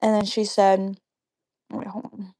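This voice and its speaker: A woman's voice: mid-range voice, monotone, dark tone. A young woman telling a heated story on a livestream, swearing freely and recounting an argument line by line. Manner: heated, profane, talks fast when angry. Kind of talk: casual storytime rant.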